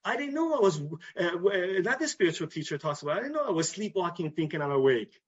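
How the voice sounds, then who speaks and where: A man with a Canadian English accent giving an earnest personal talk at a recovery meeting, repeating phrases and pausing to restart. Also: high voice, very animated, husky. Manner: earnest, repetitive, with pauses and restarts. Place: meeting hall. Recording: dull lo-fi recording.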